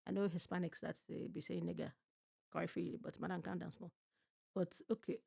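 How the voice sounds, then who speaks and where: A woman reacts to a TV show on her stream in a low, gravelly voice. She is blunt and profane, riffing on her own jokes and repeating lines for effect. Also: flat delivery, fairly quick, darkish tone. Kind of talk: casual reaction commentary.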